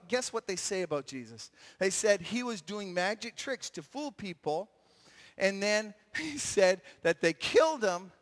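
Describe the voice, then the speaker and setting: Guy preaching at a retreat, high bright voice, acts stuff out, echoey hall. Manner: lively storyteller acting out scenes with shouts. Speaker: retreat speaker. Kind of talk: animated sermon. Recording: long hall reverb.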